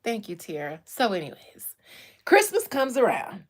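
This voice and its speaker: A woman hosting a casual livestream, telling stories in a candid, animated way with blunt language. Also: a little high, normal speed. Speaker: real estate agent and livestream host.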